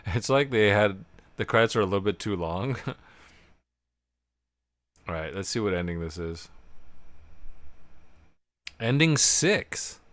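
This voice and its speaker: A man's voice: on the low side, expressive, slow, pauses often, fairly bright tone, no echo. A man giving casual live commentary while playing a video game, chatty and self-deprecating, laughing often at his own mistakes. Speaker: game streamer.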